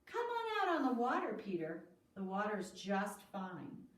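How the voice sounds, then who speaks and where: A woman voicing a calm, kind grown man in a children's story, speaking gently and comfortingly. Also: medium pitch, a little slow. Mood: friendly. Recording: echoey room, far from mic.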